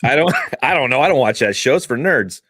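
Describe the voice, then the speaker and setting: A man with a lively, swooping pitch makes wry jokes as a podcast co-host. His voice sounds dry and close, with no room around it. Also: brisk, dry recording. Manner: wry and joking. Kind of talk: casual chat.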